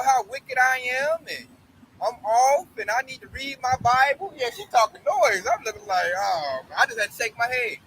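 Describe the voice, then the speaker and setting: A young man preaching outdoors, telling a blunt, profane, animated testimony story. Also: very high voice, slight background noise, low-quality recording.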